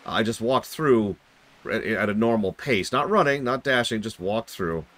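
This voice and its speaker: Deep-voiced man streaming a game review. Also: normal speed, a bit bright. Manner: rambling, joking, self-deprecating asides; talks to chat while playing. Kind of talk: live-stream commentary.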